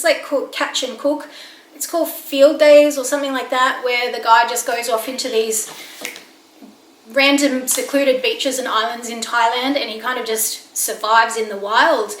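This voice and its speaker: A woman's voice: on the high side, a bit bright, slight background noise. An Australian woman chatting casually and upbeat about home products she bought, filmed at home. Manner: chatty, upbeat product talk with light laughs. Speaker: home and lifestyle vlogger. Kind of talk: casual chat. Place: at home, indoors. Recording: echoey room, faint ambience.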